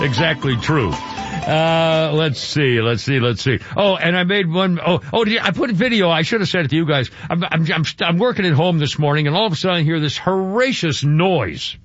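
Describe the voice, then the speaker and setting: A radio talk host, a man, chats along in a loose, rambling way, tripping over words and circling back. His voice sits a little high. The sound is dry and a bit muffled, like a studio mic on air. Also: moderate pace, fairly bright tone, no room sound, soft background music. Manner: rambling, stumbling over words, chuckling asides. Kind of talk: casual rambling chat.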